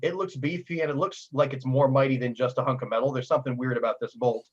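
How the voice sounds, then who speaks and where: Excitable husky game master, lo-fi. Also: male voice, mid-range voice, fast. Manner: excitable, laughing, full of fillers. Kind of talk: narrating a tabletop game. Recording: dull lo-fi audio.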